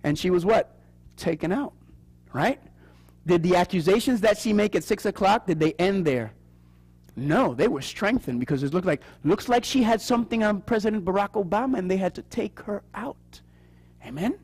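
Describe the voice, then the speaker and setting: Male seminar preacher, high and animated, asks the crowd questions, acts out the voices he quotes. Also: breathy edge. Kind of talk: Bible prophecy sermon.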